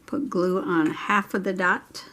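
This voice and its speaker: Working on a home craft project, this woman vlogger speaks a little slowly in a mid-range, somewhat bright voice. Her manner is chatty, as if she's thinking out loud for herself and her viewers.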